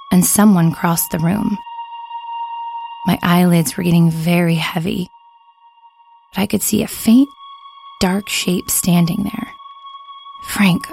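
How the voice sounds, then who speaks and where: A woman narrating a first-person horror story with a measured, brooding delivery. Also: fairly low pitch, creaky, darkish tone.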